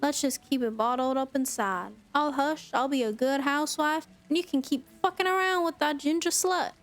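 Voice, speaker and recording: A woman's voice: sits high, normal speed. Woman reading as a bitter fed-up housewife. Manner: reads the game's lines aloud with growing anger. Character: bitter, worn-down young 1940s housewife.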